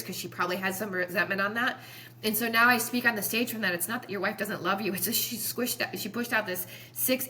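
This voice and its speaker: A woman's voice: medium pitch, pushed and bright, a little hiss or hum. A woman in her forties, a chiropractor guest on a podcast, telling stories in an earnest, passionate, rambling way. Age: 40s. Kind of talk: emotional podcast storytelling.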